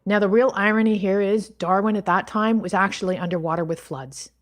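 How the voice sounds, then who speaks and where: A Canadian woman, a podcast guest, telling a story casually and lively, acting out what people said, often restarting her sentences. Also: medium pitch, brisk. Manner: animated, acts out quoted dialogue, frequent restarts.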